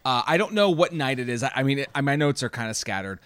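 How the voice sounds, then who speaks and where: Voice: mid-range voice, sing-song, fast, fairly bright tone, smooth. Co-host rambling, lots of restarts, voice bouncing up and down. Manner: rambling, hesitant restarts, bursts into emphatic outrage. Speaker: podcast co-host. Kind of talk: casual chat.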